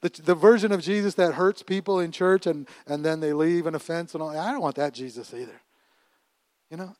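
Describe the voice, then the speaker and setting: A middle-aged pastor preaches a sermon with animation and frequent laughter, dropping to a hush before rising loud and often repeating his words. His pitch is fairly high, his pace fairly quick, and the recording is dry.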